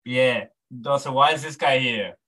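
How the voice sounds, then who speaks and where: A man's voice: medium pitch, moderate pace, sharp tone. A laid-back man playing a tabletop game. He jokes casually with the table. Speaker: player.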